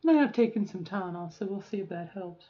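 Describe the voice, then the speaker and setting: A middle-aged woman recording a personal video diary at home. She speaks in a reflective, halting way with many fillers and restarts, and her voice sounds strained and sore. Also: mid-range voice, dark tone, dull audio. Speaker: vlogger.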